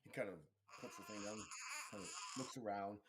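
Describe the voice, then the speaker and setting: A man running a tabletop game as game master, narrating in a relaxed, rambling way. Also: on the low side, brisk. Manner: relaxed, rambling, frequent restarts.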